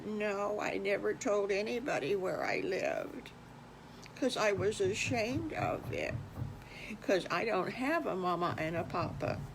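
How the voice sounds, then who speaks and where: A woman's voice: mid-range voice, lively intonation, a little slow, vocal fry, noisy background. An older woman voicing a shy, sad young male wolf who stammers and repeats his words. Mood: ashamed.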